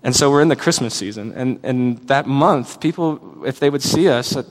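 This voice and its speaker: A man's voice: mid-range voice, moderate pace. A man preaching a sermon as a pastor, earnest and reflective, telling personal stories. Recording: long hall reverb.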